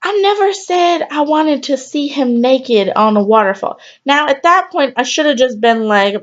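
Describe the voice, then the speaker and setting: A woman's voice: high-pitched, animated, moderate pace, few pauses. A woman vlogger telling a story casually to camera, candid, rambling and exasperated. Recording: slightly dull lo-fi audio.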